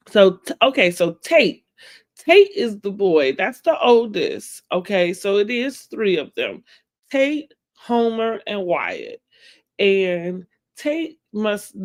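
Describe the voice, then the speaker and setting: A woman talks through a TV episode in a loose, conversational vlog. She is opinionated and laughs often, speaking straight to her viewers as y'all at a middling pitch. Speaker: show recap vlogger. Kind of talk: casual TV recap chat to viewers.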